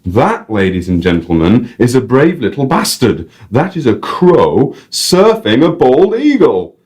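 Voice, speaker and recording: A man voicing a red-faced, jolly male bird-show guide with a Northern English accent, exclaiming and booming as he reads aloud from his novel. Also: huge pitch swings, measured pace, darkish tone.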